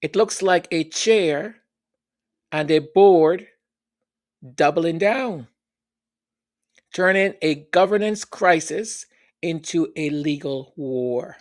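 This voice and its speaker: Slow, sarcastic royal commentary host. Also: medium pitch. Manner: sarcastic, rhetorical questions, emphatic. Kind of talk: opinion commentary.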